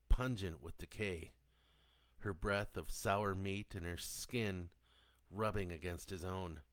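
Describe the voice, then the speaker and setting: A man narrating a zombie horror story, reading in a steady, descriptive storytelling manner. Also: deep voice, dry recording. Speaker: audiobook narrator.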